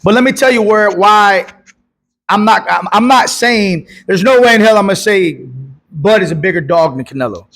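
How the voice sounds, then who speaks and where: A man who coaches boxing, arguing his view in a heated casual debate, emphatic and quick to cut in, with repeated buts and swearing. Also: sits high, animated, gravelly, fairly bright tone. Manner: emphatic, argues in bursts with repeated buts and profanity.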